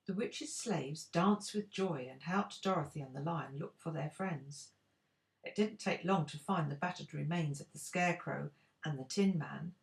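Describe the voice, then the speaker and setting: Slow-reading grandma with a low voice. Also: female voice, creaky. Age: older. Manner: expressive, unhurried reading. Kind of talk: storybook read-aloud.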